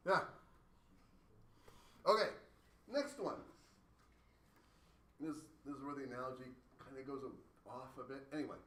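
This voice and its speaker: A man from Canada teaching a high school science class, explaining with playful, joking analogies. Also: animated, measured pace, long pauses, bright, forceful tone. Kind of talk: classroom lecture. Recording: echoey classroom from far off.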